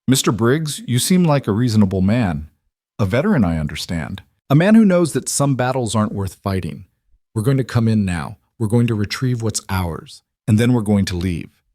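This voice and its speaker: A man voicing a smooth, educated and coldly polite man who makes threats. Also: lowish voice, big pitch swings, normal speed, darkish tone, no echo, studio quality. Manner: smooth and educated, turning hard.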